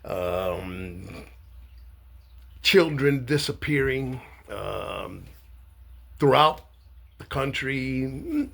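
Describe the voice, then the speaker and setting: A man's voice: medium pitch, very animated, slow, creaky, long pauses, a bit bright, slightly rough. A man giving a rambling, sarcastic monologue to camera, with many hesitations and filler sounds. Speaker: commentator.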